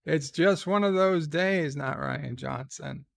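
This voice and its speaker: A man with a higher voice hosts a casual live stream from his bed, reading chat aloud. He drawls through it with lots of pauses and fillers, a gravelly rasp under his voice, and makes wry, offhand asides. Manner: slow, halting, with many pauses and fillers; wry and irreverent. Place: lying in a bed.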